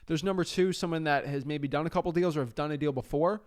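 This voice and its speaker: A young man from South Florida talks through a lesson in an energetic, conversational way, full of fillers and quick restarts. His voice sits a little high and comes across smooth and clear. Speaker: real estate wholesaling coach. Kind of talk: casual instructional talk.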